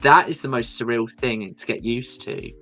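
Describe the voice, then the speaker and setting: A male stream host chats casually in a soft, calming voice, wandering from thought to thought and breaking into laughter. Faint music plays quietly underneath. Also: medium pitch, normal speed. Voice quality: soft, soothing voice. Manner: chatty, rambling, laughs often. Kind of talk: casual chat.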